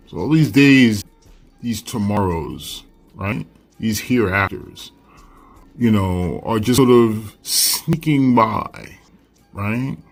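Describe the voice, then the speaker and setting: A man teaching a lesson, explaining a text in a relaxed, conversational way and checking in with frequent "right?" and "you know". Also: on the low side.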